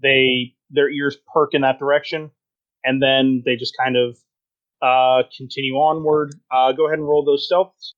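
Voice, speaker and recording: A man's voice: medium pitch, little pitch movement, normal speed, narrow, tinny audio. A man narrating a tabletop game as game master, describing scenes with many fillers.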